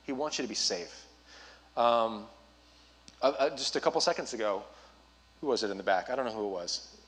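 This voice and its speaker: A man preaching as a youth pastor, urging his listeners directly with an earnest, personal manner and quick asides. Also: medium pitch, fairly bright tone. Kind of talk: sermon.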